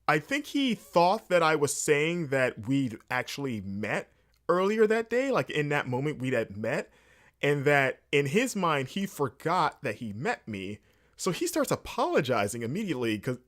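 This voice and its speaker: A male games journalist rambles through a story in a slightly high voice, jumping up and down in pitch as he acts out each line of dialogue. His talk is loose and casual, full of fillers, restarts and quick asides. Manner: animated storytelling with many fillers and restarts, acting out quoted exchanges. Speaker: host.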